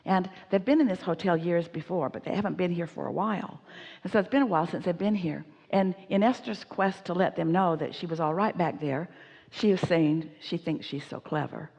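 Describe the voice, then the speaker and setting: A woman giving an inspirational seminar talk, speaking as "we" in an emphatic, animated way while answering audience questions. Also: fairly low pitch, brisk, vocal fry, big-room sound.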